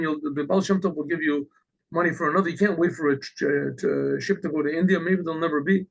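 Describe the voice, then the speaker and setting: A rabbi telling a story in an animated way, acting out the characters with exclamations. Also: male voice, on the high side, fast, creaky, slightly rough, low-quality recording. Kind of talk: storytelling talk.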